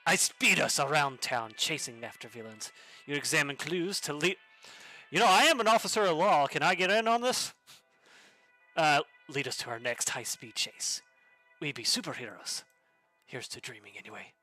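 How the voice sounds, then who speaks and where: Cheesy would-be romancer, soft and hammy, bright tone , a man putting him on. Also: a little high, animated, normal speed, soft background music. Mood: romantic. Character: cheesy smooth-talking man on a dating site.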